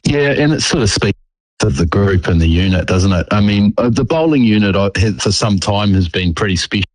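A man's voice: lowish voice, animated, brisk, no echo, rough recording. A middle-aged man with a New Zealand accent, a former cricketer being interviewed, talking with many ums and restarts. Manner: hesitant, lots of ums and restarts.

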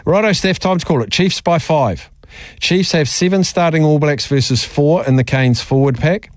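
A man's voice: a little high, normal speed, no echo. A man hosting sports radio, bantering with a guest and reading out listener texts. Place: radio studio.

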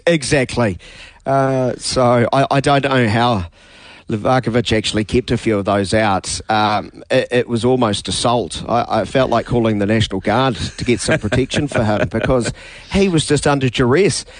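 A man hosting sports radio, talking through a match in a halting way with many restarts. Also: medium pitch, dry recording. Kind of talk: casual sports talk.

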